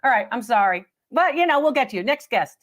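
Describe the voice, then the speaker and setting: Effusive female host of a live call-in show, high voice, talks in a friendly unscripted way. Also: expressive, quick pace. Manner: chatty, effusive, laughs often. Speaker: antiques appraiser hosting a live call-in show.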